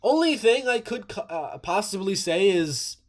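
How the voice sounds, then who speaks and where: Man, somewhat high voice, animated fight commentary, repeats himself, restarts sentences. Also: unhurried. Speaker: MMA commentator. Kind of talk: casual solo commentary.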